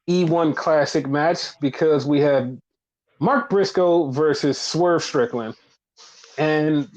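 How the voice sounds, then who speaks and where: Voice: medium pitch, poor audio. A podcast host recapping wrestling in casual chat, swearing freely and acting out what others said. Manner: animated, swears often, acts out quotes.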